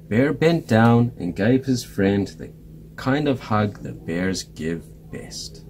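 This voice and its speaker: A man reading a children's picture book aloud, slow and expressive, giving each character a voice. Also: on the low side, slight background noise. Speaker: storybook reader.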